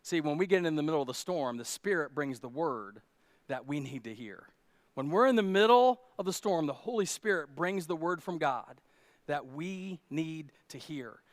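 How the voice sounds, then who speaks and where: A pastor preaching a sermon with animated, dramatic swings in volume and folksy, humorous asides. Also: male voice, on the high side, moderate pace, no echo.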